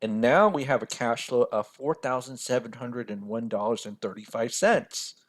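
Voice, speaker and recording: Man, finance mentor, casual screen-share lesson, self-amused, mid pitch. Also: moderate pace. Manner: casual, keeps asking "right?", laughs at himself.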